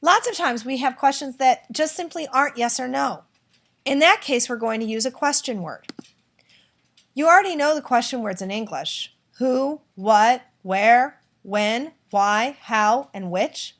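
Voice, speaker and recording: A woman teaching a recorded lesson, explaining clearly and patiently and acting out example sentences. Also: fairly high pitch, animated, measured pace, fairly bright tone. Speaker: Spanish teacher.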